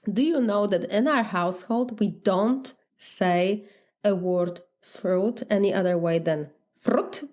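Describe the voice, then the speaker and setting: A woman's voice: mid-range voice, unhurried, a little mellow. Earnest Polish-accented woman life coach. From Poland. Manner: earnest, conversational, sometimes laughing. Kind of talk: reflective podcast monologue.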